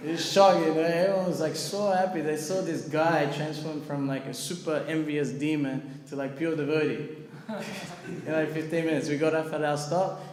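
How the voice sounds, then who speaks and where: A man recounts a story at a scripture class in a loose, chatty way, scattering "like" and "you know" as he goes and acting out the people he describes. His voice sits a bit high for a man. The room is a large, reverberant hall with a long echo and a faint hum of ambient noise behind him. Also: fairly even intonation, moderate pace, a little mellow. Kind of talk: casual storytelling talk.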